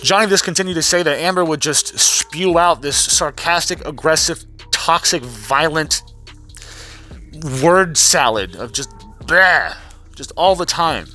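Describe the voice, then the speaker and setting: A young man giving a casual, profane recap vlog, animated and full of fillers and restarts. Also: on the high side, a little slow, faint music behind. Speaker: vlogger recapping a trial.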